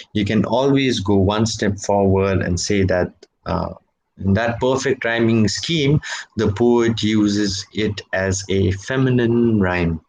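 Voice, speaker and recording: Slow, deliberate male poetry lecturer. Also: a little mellow, poor audio. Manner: slow and deliberate, often repeating "okay" and "right"; stretches out example words, jumping up in pitch on them.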